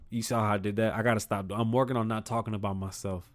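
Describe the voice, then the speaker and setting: A man hosting his own show in a casual comedic monologue. He is profane and rambling, and swings between loud outbursts and muttered asides. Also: fairly low pitch, quick pace, hardly any pauses. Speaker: podcast host.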